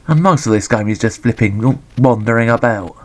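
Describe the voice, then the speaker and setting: A man giving sweary, deadpan, sarcastic commentary on a retro game. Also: medium pitch, normal speed.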